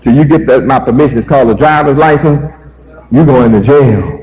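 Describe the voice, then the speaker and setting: A man's voice: medium pitch, brisk, a little mellow, long reverb tail, dull audio, voice pushed down, natural voice. A man voicing a mocking, bullying male police officer who threatens to jail a driver. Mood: taunting. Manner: mocking, domineering.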